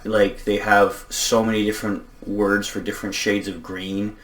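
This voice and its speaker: A man's voice: on the low side, little pitch movement, normal speed, fairly bright tone. Laid-back man, a bit distant from the mic. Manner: laid-back storyteller, swears casually, laughs often. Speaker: podcast co-host. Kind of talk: casual chat.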